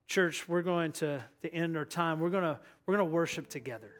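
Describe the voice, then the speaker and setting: A young man preaching a sermon as pastor, passionate and urging, dropping to a hushed voice when he tells a story or prays. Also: on the high side, fairly quick.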